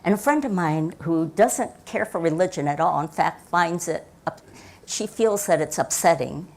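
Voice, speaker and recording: Older woman pastor preaching softly. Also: lowish voice, lively intonation, normal speed. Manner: reflective, varies loudness, drops to near whispers for emphasis. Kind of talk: sermon. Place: church sanctuary.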